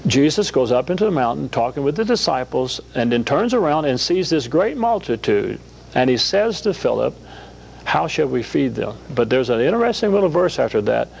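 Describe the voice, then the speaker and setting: A man from Louisiana, a guest preacher, teaching on scripture in an animated, sermon-like way and acting out the dialogue of the stories he tells. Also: fairly high pitch, normal speed, creaky, a little hiss or hum, low-quality recording.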